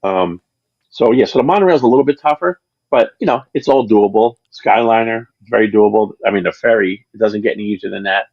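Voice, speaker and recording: A man's voice: lowish voice, fairly quick, no room sound, highs cut off. A man being interviewed about his channel, chatting casually on a livestream and telling long, rambling stories with many restarts. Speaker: channel creator, interview guest.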